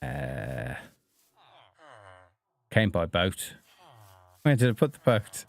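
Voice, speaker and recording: A man streaming a game, talking casually to himself and to the characters on screen in a relaxed, chatty way. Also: low-pitched, extremely slow. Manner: chatty, talks to himself and the villagers. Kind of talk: casual gameplay commentary.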